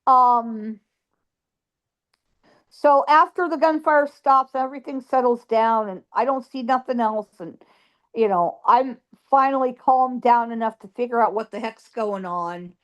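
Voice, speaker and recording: A woman's voice: a little high, a little slow, a bit bright, muffled recording. A woman guest psychic telling a ghost story in a dramatic way, acting out voices and sounds and often saying "you know".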